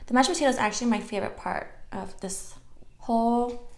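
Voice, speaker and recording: A woman in her twenties chatting casually while eating, telling a story with many "like" fillers and sometimes dropping to a soft whisper. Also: a little high, a little fast, gravelly. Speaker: mukbang vlogger.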